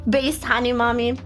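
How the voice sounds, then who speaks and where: A young adult woman chatting casually on a live stream, excitable and often giggling. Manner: giggly and excitable, often breaking into high laughs. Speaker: VTuber streamer. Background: faint background music.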